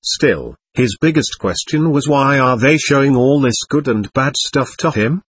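A man narrating a story in a steady, measured reading style. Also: medium pitch, husky.

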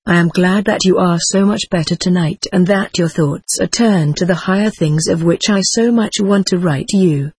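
A solemn, commanding male spirit, read aloud by a narrator in a steady, formal cadence. The voice is slightly husky. The recording is close and dry. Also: mid-range voice, dry recording, natural voice. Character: Jesus, solemn male spirit speaking with authority. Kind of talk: reading channeled spirit letters aloud.

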